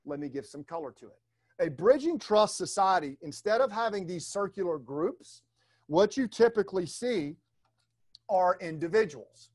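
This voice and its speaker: High-voiced man giving a leadership talk. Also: animated, normal speed, dry recording, studio quality. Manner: conversational, keeps asking "right?". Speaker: webinar speaker.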